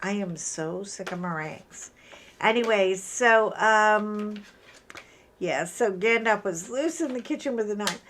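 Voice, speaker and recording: A woman's voice: mid-range voice, unhurried, a bit bright, a little hiss or hum. A middle-aged woman from Ireland chatting casually while she unboxes a craft kit, rambling through stories and asides. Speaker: craft vlogger.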